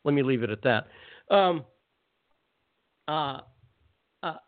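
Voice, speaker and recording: A man hosting a call-in talk radio show, ranting casually with quick asides. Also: fairly high pitch, lively intonation. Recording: phone-like narrow band audio.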